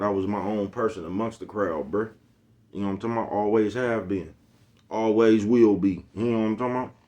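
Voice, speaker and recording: A man's voice: fairly low pitch, darkish tone. A man in his forties, a YouTube host, giving a casual motivational monologue full of streetwise slang and repeated catchphrases. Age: 40s.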